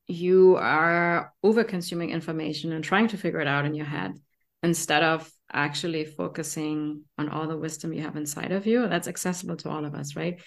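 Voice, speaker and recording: A woman's voice: fairly low pitch, gravelly. A woman with a German accent, hosting a podcast in casual, enthusiastic chat with frequent fillers. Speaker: podcast host.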